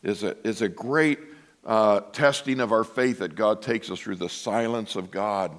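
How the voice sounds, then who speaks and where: Animated storytelling male pastor. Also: fairly low pitch, measured pace. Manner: animated storytelling, acts out voices. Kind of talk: sermon.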